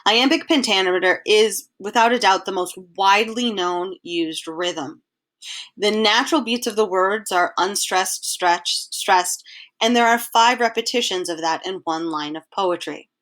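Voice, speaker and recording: A woman teacher giving a recorded slideshow lesson, explaining each point patiently and reading verse aloud slowly. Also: mid-range voice, fairly bright tone. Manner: clear, patient explaining, reads poem lines aloud in a slow measured way.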